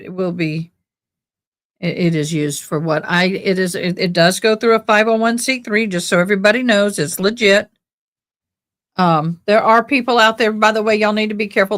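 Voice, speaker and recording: Slow-talking chatty Texan woman. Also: mid-range voice. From born in Tennessee, raised in Texas. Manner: chatty, rambling, thanks viewers warmly. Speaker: livestream host. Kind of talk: casual livestream chat.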